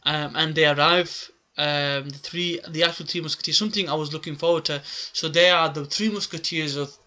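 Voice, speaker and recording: Bright-voiced man rambling through a recap. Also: fairly high pitch, fairly even intonation, a little fast. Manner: rambling, many filler words. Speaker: manga reviewer. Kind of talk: casual chapter recap.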